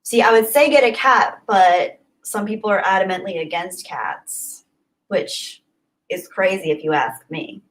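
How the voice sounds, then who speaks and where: A young woman hosting a casual livestream, talking loosely and at length to her viewers. Her pitch sits mid-range for a woman. She wanders between thoughts and repeats phrases as she goes. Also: expressive, measured pace, poor audio. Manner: chatty, rambling, repeats herself. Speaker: livestream host. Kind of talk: casual chat, reading viewer comments.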